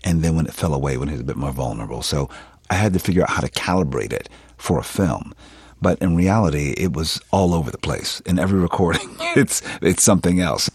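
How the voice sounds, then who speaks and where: A man's voice: rumbling low, quick pace, slightly rough, dry recording. A man in his fifties from Philadelphia, an actor talking expressively about his work in an interview. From Philadelphia, USA. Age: 50s. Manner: animated, expressive storytelling with laughs. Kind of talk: conversational interview.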